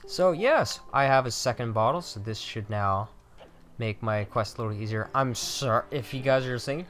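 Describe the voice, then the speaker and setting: This let's play gamer has a medium-pitched, fairly bright voice and moves at a normal speed. He chats casually through his gameplay, poking fun at himself and grumbling with mild curses at enemies.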